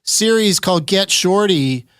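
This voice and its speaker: A man's voice: high voice, animated, measured pace, fairly bright tone, smooth, no room sound, studio quality. A man hosting a podcast, telling stories in a wry, joking way and laughing often. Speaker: podcast host. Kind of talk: casual interview chat.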